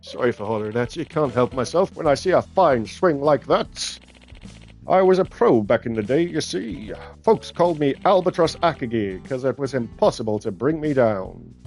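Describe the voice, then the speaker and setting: A man's voice: mid-range voice, lively intonation, normal speed, gravelly, darkish tone, soft background music, voice pushed up. A man voicing a boastful retired male golf pro who brags about his glory days. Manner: swaggering, bragging.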